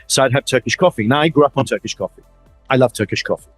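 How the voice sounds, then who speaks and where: Animated middle-aged man with a Middle Eastern accent. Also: medium pitch, fast, breathy edge, dry recording, soft background music. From Middle East. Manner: animated storytelling, acts out quoted lines, frequent repeats. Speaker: interview guest, family office advisor. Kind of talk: conversational fireside chat.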